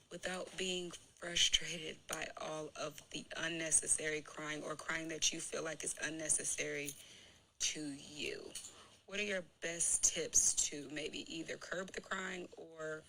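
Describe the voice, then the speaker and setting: Gravelly, bright-toned woman asking a question. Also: lowish voice, slight background noise, poor audio. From Iowa, USA. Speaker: caller. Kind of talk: recorded listener question.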